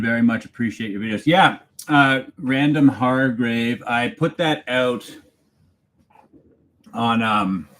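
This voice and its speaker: A man from Canada hosting a casual livestream, chatting with viewers and reading their comments aloud in a relaxed way, chuckling as he goes. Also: medium pitch. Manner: laid-back, chuckling, talks to viewers by name. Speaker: channel host reading live chat. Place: home, alone for the evening.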